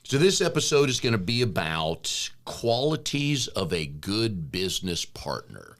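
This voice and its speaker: A man's voice: lowish voice, measured pace. A middle-aged man co-hosting a business coaching podcast in a chatty, joking way. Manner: joking, chatty, relaxed banter. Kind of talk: casual podcast chat.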